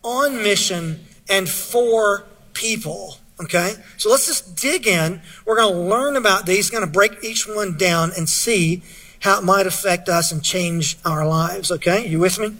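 A man's voice: high voice, a little slow, bright, forceful tone, slightly rough. A man preaching a sermon, reading scripture aloud and earnestly asking his listeners questions. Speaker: pastor.

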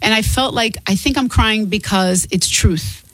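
A middle-aged woman speaking candidly and earnestly as an interview guest, quick to laugh. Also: mid-range voice, fairly bright tone, no echo, rough recording. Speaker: guest author and singer. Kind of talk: casual interview talk.

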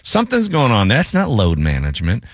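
A man hosting a sports talk show, talking in an animated, wry way with quick jokes. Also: mid-range voice, no echo, studio quality.

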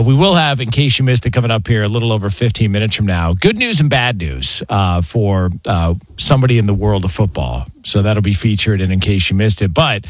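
A man's voice: lowish voice, no echo. A man co-hosting a sports radio show, talking in loose casual banter with lots of fillers. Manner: joking, loose delivery with frequent fillers.

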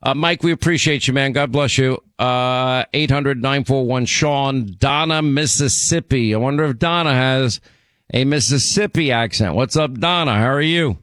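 A man's voice: medium pitch, normal speed, a bit bright, no room sound, studio quality. Chatty male radio talk show host. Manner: chatty, rambling, personal anecdotes. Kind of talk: call-in radio chat.

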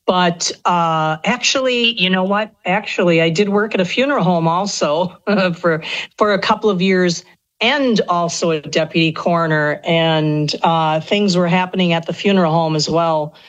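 Woman, middle-aged, lowish voice, chatty, rambling storyteller. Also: normal speed, dull audio. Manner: chatty, rambling storyteller with frequent restarts and laughs. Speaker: guest. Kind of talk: casual radio conversation.

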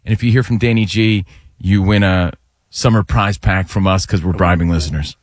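A man's voice: low voice, steady tone, dry recording. Jokey sports radio man, dry studio mic. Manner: quick, jokey and playful. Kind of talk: live sports radio banter. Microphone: studio microphone.

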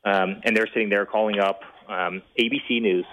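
A middle-aged man telling a story as an interview guest, talking quickly with many restarts and growing indignation. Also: lowish voice, fairly even intonation, a bit bright, slight background noise, poor audio. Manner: rapid, repetitive restarts, rising indignation. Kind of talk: fast animated storytelling.

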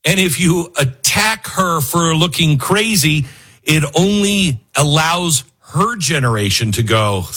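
Man, talk show host, husky, animated, laughing commentary. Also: a little high, slow pace. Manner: animated, laughs often, repeats himself for emphasis. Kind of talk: opinionated commentary.

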